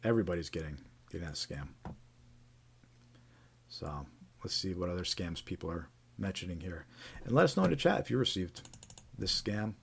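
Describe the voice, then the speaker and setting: A man's voice: deep voice, animated, moderate pace, vocal fry, pauses often, slight background noise. A man hosting a live stream, casually reading out reports with frequent fillers and restarts. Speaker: host.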